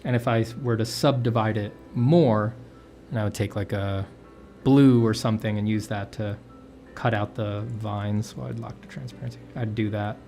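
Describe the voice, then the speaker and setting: A man's voice: on the low side, fairly even intonation, normal speed, warm tone, soft background music. A man chatting casually as he teaches inking and coloring on a livestream, rambling and correcting himself mid-sentence. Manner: rambling, self-correcting, jokey. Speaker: artist streaming a drawing session.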